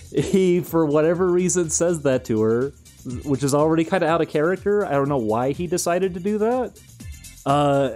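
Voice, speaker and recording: A man's voice: mid-range voice, warm tone. A young man streaming, rambling through casual commentary with frequent amused laughs.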